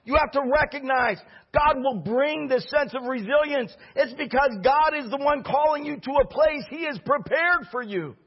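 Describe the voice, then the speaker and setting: A man's voice: very high voice, normal speed, hardly any pauses, lo-fi sound. A male pastor preaching a sermon with fervor and repeating key phrases for emphasis.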